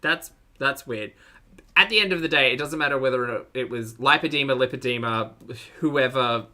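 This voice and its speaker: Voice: medium pitch, moderate pace, pushed and bright. An Australian commentator reacting to a video with wry, teasing asides and casual musings.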